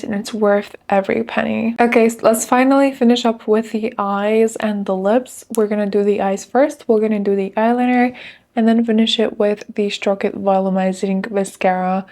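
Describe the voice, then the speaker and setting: A woman's voice: mid-range voice, warm tone. A young woman chatting casually to viewers while reviewing makeup, enthusiastic and direct. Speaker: beauty vlogger.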